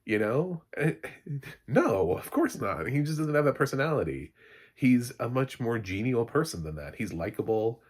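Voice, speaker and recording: A man's voice: medium pitch, sing-song, moderate pace, husky. A man giving a casual, blunt spoken review of a TV show, exasperated and laughing in asides.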